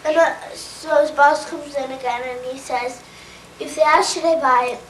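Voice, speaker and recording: A woman telling a joke casually, acting out the dialogue in a deadpan way. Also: sits high, normal speed, a little hiss or hum. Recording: roomy, distant home video recording.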